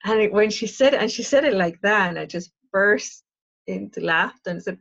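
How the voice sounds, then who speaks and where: Expressive woman telling stories on a live call. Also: medium pitch, moderate pace, vocal fry, dull audio. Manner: chatty and expressive, acting out quoted voices. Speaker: spiritual teacher hosting a live call. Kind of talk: live spiritual talk with storytelling. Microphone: live online call.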